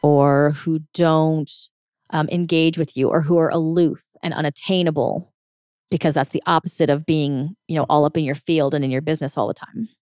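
A woman's voice: low voice, fairly even intonation, moderate pace, darkish tone, no echo, studio quality. A woman working as a relationship coach, giving casual, frank advice in a monologue, sometimes swearing, often laughing and acting out quoted reactions. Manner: frank and blunt, with occasional swearing.

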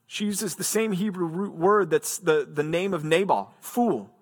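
A man's voice: high-pitched, moderate pace, slightly rough. A man preaching a sermon as pastor, reading scripture aloud and then explaining it in an earnest, emphatic way.

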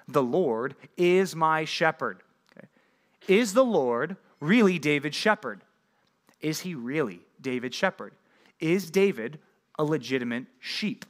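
A man's voice: fairly high pitch, sharp tone. A man preaching a sermon as a pastor, talking casually and often checking in with questions to his listeners. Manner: conversational, asks the audience frequent questions. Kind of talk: sermon teaching.

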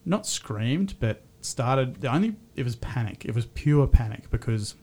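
A man's voice: mid-range voice, very animated, measured pace, darkish tone. Australian man, thirties, candid storyteller, swears freely, casual podcast chat. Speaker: guest telling a personal story.

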